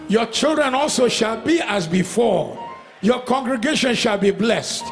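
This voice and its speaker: Fervent high-voiced Nigerian pastor preaching. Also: male voice, animated, a little slow, vocal fry, faint music behind. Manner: fervent preaching, chanting and singing refrains, swings from loud to hushed. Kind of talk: sermon. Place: church service.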